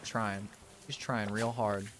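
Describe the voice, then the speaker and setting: A man's voice: lowish voice, flat delivery, slow pace, a bit bright. A man playing a game and commenting as he goes, theatrical and exasperated as he scolds the characters. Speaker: gaming video creator.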